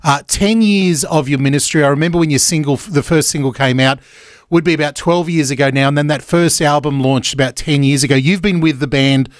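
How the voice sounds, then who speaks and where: A man's voice: on the high side, fairly quick, no room sound, studio quality. An Australian man hosting a morning radio show, joking energetically and stumbling through restarts. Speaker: radio host. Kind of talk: casual radio chat. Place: radio studio.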